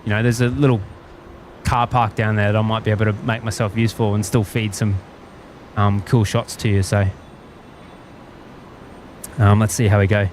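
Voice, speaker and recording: A man's voice: lowish voice, level tone, normal speed, pauses often, a little hiss or hum. An Australian man hosting a live stream, chatting casually and chuckling as he greets viewers. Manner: easygoing, rambling, chuckles often. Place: outdoors at a plane-spotting spot by an airport.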